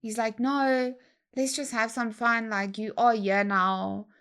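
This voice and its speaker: A young woman tells a story in a relaxed chat. Her voice sits a little high, and she uses slang freely. She acts out other people's lines as she goes. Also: takes it slowly, clear, resonant tone. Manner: animated, slangy storytelling with quoted dialogue. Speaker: guest DJ.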